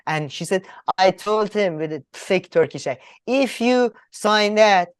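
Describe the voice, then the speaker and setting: Animated, swearing man on a chat podcast. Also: measured pace, clear, resonant tone, dry recording, clean studio sound. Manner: animated, swears, laughs often, pitch jumps. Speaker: podcast co-host. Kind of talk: casual political chat.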